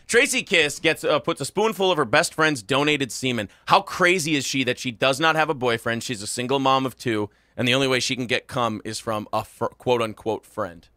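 A male morning radio host doing crude, mocking comedy banter, loud and quick to laugh. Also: mid-range voice, no room sound, clean studio sound.

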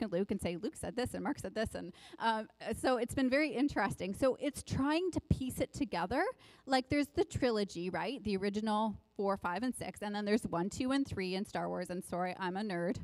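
A woman's voice: on the high side, no room sound, poor audio. A woman giving a casual church sermon, chatty and rambling, often laughing and saying "like". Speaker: lay preacher. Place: church sanctuary.

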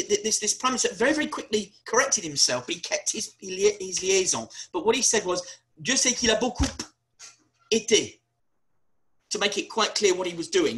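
A university lecturer giving a webinar talk, animated and wry, often spelling words out letter by letter. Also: mid-range voice, rough recording.

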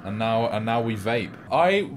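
A man's voice: lowish voice, expressive, a little slow, a little hiss or hum. A young man co-hosting a film reaction, cracking playful, sweary jokes and laughing often. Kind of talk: casual reaction chat.

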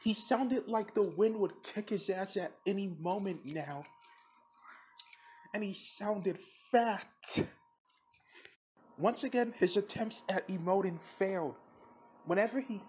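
A woman delivers blunt, sarcastic review commentary at an unhurried, drawn-out pace. Her voice comes through a dull, lo-fi home recording with a faint hiss underneath. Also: mid-range voice, a little mellow. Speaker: podcast host.

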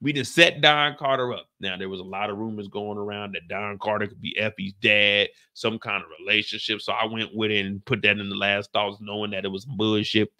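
Talking fairly quickly with few pauses, a young man in a lowish voice runs a casual reaction show. He recaps the episode with animation, performing scenes in character voices.

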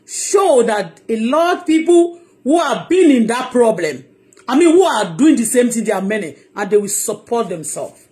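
A Nigerian-accented woman with a high voice speaks to her followers in a fired-up live monologue. She hammers her points home with emphasis and says them again. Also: very animated, normal speed, darkish tone. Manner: emphatic, heated, repeats herself. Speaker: online blogger.

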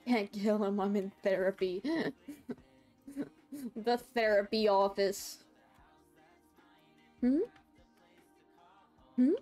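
With a mid-range, slightly mellow voice, this young college woman speaks very slowly and leaves long pauses while soft music plays behind her. It's a relaxed gaming stream where she laughs plenty, reads viewer comments aloud, and responds to them.

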